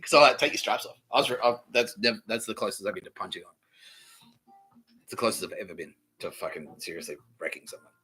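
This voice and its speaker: A low-voiced man spins a profane, rambling comic story with a lively, swinging pitch and a forceful, bright edge. Faint music plays behind him. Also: brisk, slightly rough, low-quality recording. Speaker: podcast host. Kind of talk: comedic storytelling monologue.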